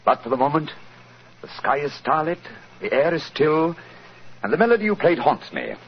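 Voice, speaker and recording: An actor playing a calm, brilliant Victorian detective in a 1940s radio drama, crisp and unhurried. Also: male voice, on the high side. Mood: wistful. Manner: crisp, unhurried, coolly amused. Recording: dull, faintly hissy 1940s radio broadcast.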